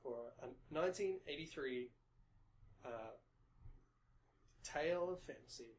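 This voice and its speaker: A laid-back man with a slightly raised pitch hosts a relaxed podcast chat, halting and full of ums. He sounds a bit stuffy from hay fever, with a faint hiss underneath. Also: poor audio. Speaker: podcast host. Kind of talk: casual chat.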